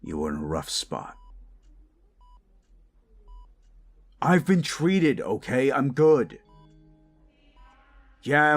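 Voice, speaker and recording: A man playing a gruff, tender young med student. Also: medium pitch. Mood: relieved tender. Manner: gruff but tender, pleading. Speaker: audio roleplay voice actor. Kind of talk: romantic audio roleplay.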